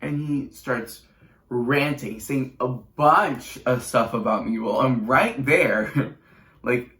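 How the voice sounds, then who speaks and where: A man's voice: mid-range voice, slow pace, fairly bright tone. A teenage boy YouTuber telling a casual storytime vlog with chatty, sarcastic asides and rambling restarts. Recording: roomy echo.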